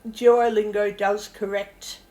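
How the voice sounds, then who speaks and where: A woman's voice: medium pitch, level tone, slow pace, darkish tone. A casual, rambling woman from Australia chatting about her language lessons and swearing freely. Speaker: language learner vlogger. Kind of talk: casual chat.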